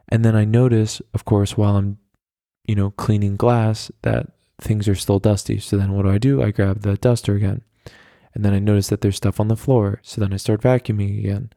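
Recorded in a clean, dry studio, a young man with a fairly low, warm voice hosts a podcast on his own. He rambles casually, leans on lots of fillers, and is self-deprecating.

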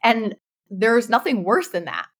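A woman's voice: on the high side, very animated, a little slow. A woman in her thirties, a guest on a podcast, talking candidly about her business and laughing often. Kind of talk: casual interview chat.

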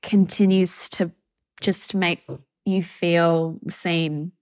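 Slow, soft-spoken woman podcast host. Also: on the low side, flat delivery, dry recording, clean studio sound. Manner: soft, halting, heartfelt. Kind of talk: reflective solo podcast.

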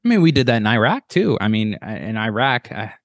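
A man's voice: fairly low pitch, sing-song, a little fast, no room sound. A man who is a podcast guest, talking earnestly in casual chat, swearing and often restarting his sentences.

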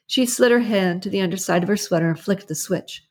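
A woman narrating an audiobook in a steady, even storytelling manner. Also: mid-range voice, brisk, slightly rough. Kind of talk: scripted narration.

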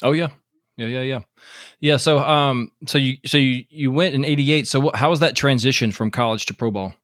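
A man hosting a podcast interview, asking questions in a halting way with restarts. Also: mid-range voice, fairly bright tone, no room sound, studio quality. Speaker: podcast host. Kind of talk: casual interview.

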